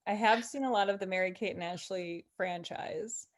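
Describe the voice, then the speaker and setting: A woman guest in a casual, playful interview, chatty and quick to laugh, thinking out loud as she guesses. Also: medium pitch.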